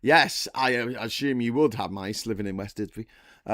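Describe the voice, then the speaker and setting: Guy hosting a morning chat, low voice, sweary and rambly, dead dry sound. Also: fairly quick, a bit bright, dry recording. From Liverpool, England. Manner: rambling, sweary, stammering restarts. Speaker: host. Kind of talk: casual live chat show.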